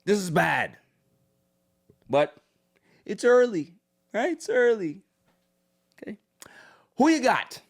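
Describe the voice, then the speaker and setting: A man's voice: high-pitched, very animated, slow, gravelly, long pauses. A man hosting a podcast in casual, blunt chat, swearing freely. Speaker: podcast host.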